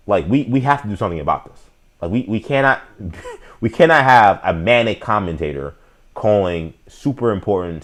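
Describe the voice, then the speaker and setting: Low-voiced man hosting sports talk. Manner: opinionated, talks straight to chat viewers; frequent fillers and restarts, slangy. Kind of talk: casual live-stream sports talk.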